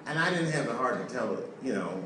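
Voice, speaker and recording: A man's voice: mid-range voice, expressive, fast talker, recorded from a distance, very noisy. A male stand-up comedian doing profane, teasing crowd work on a comedy club stage. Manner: profane, bantering, teasing audience members. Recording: echoey live club recording, loud crowd.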